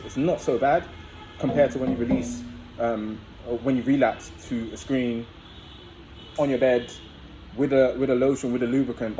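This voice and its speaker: A man's voice: medium pitch, mellow, low-quality recording. A young man vlogging, telling a personal story in a chatty, casual way and often addressing viewers as guys.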